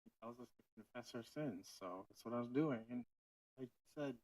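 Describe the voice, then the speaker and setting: A man's voice: mid-range voice, wildly swooping pitch, moderate pace, vocal fry, darkish tone, no room sound, recorded from a distance, rough recording. A man co-hosting a casual faith podcast, talking in an earnest, reflective way with many fillers. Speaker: podcast co-host.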